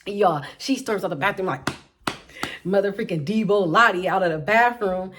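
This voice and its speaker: A young woman telling a casual storytime to her viewers in an animated, playful way, laughing often and acting out what people said. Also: medium pitch, moderate pace, background noise. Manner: animated, petty, laughs often, acts out quotes. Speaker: storytime vlogger.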